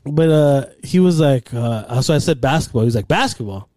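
A man's voice: medium pitch, animated, brisk, a little mellow, no echo, studio quality. Laughing young man telling a story. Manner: laughing storyteller, swears freely. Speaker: podcast host. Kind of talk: casual chat.

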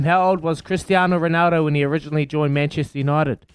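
A man's voice: on the high side, steady tone, quick pace, smooth, no room sound, studio quality, faint music behind. A man hosting a casual radio phone quiz, upbeat and calling everyone mate and brother. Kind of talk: casual breakfast radio chat.

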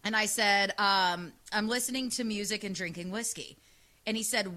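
A woman radio host with a loud, sassy, animated way of talking, telling a dating story in casual chat. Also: medium pitch, normal speed.

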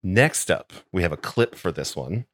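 Low-voiced guy cohosting a podcast, playful and wry, dry close mic. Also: lively intonation, moderate pace, a bit bright, no echo. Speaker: podcast co-host. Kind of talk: casual chat.

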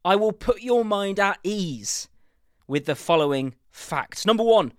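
A man in his thirties with a southern English accent opens his podcast as host. His voice sits a little high. He talks in an upbeat, brisk way with a defiant edge, recorded close and dry with no room sound. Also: expressive, no echo. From England. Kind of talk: scripted podcast intro.

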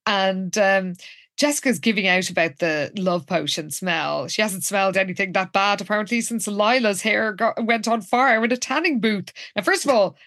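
A woman's voice: mid-range voice, moderate pace, fairly bright tone, dry recording. A woman co-hosting a podcast, narrating plot points in casual chat with wry, dry asides. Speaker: podcast co-host.

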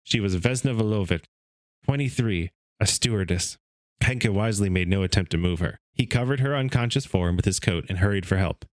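Here a podcast host reads a story on his casual show in a lowish, brisk voice with no echo. He reads steadily, though he stumbles now and then and laughs it off.

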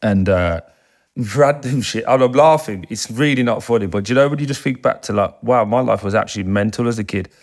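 This is a man in his thirties from whose voice sits low. He tells long, animated stories in a loose, conversational way, swears freely, and briefly mimics the people he quotes. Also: fairly quick. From England. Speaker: guest, football captain. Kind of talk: casual storytelling interview.

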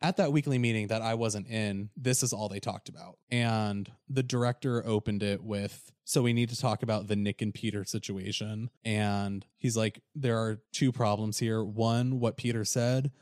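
A man's voice: on the low side, fairly even intonation, moderate pace, few pauses, darkish tone, no room sound. Guy in his 20s on a podcast, choked up telling a story, dry close sound. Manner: emotional storytelling, near tears. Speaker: podcast co-host. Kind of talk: casual chat.

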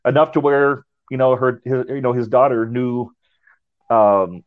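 A man of middle pitch tells a ghost-hunting story in a loose, rambling way. He often trips over his words and starts again. The audio sounds dull and lo-fi. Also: a little slow. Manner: rambling, repeats and restarts words. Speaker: paranormal investigator. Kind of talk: casual storytelling.

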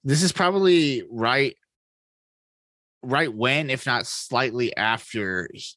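A man co-hosting a casual podcast, his voice bright and forceful. He talks excitably and swears freely, and the dry, close sound has no room echo. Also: medium pitch, takes it slowly. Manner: profane, excitable, laughs often. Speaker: podcast co-host. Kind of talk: casual movie chat.

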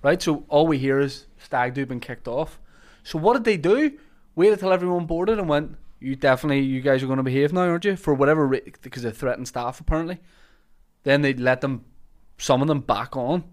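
A man's voice: mid-range voice, brisk. Chatty man telling stories. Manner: animated storyteller, acts out overheard voices. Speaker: podcast host. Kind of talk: casual chat.

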